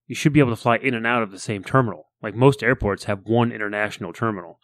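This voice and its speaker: A man's voice: fairly low pitch, fast. An American man co-hosting a podcast, telling a long rambling story in casual chat and often repeating words as he starts sentences. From United States. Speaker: podcast co-host.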